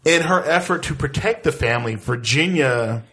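A man's voice: medium pitch, expressive, normal speed, sharp tone. A man co-hosting a comic book podcast in casual chat, rambling and swearing loosely between laughs. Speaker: podcast co-host.

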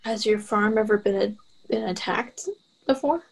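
A woman playing a tabletop game, asking questions with quick restarts. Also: medium pitch, creaky, breathy edge, low-quality recording. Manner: inquisitive, stumbling restarts. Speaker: player.

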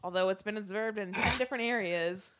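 A woman co-hosting a casual podcast chat with friends, teasing the others and reading out trivia facts slowly and carefully into a microphone. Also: medium pitch, fairly bright tone. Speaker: podcast co-host.

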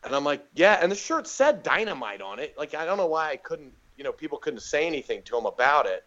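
A guest comedian with a fairly high voice talks fast on a casual podcast, animatedly telling stories and acting out the voices of the people he quotes. The audio is dull.

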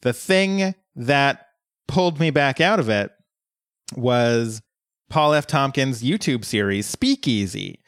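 An animated man rambles through a casual podcast recap of a TV episode, jumping in and out of quoted voices. His voice sits in the middle of the usual male range. The sound is close and dry, with no room around it. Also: medium pitch, slow pace, no echo. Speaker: podcast co-host.

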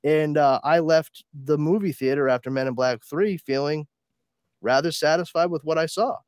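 A man's voice: on the high side, moderate pace, clear, resonant tone, no room sound. A man hosting a podcast, chatting casually about films, telling stories and swearing freely. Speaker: podcast host. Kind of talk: casual pop-culture chat.

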